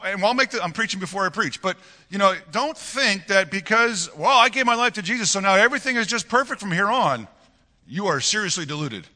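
A man preaching a sermon as pastor of a church, with a loose manner. His delivery is animated and conversational, with frequent chuckles and repeated words. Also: sits high. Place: church sanctuary. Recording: long reverb of a church hall.

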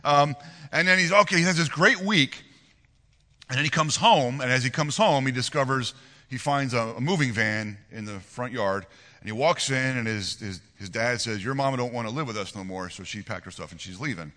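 A man in his forties preaching a sermon and telling a personal story, earnest and animated, often restarting and repeating words. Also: mid-range voice, moderate pace, big-room sound. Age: 40s. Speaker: pastor.

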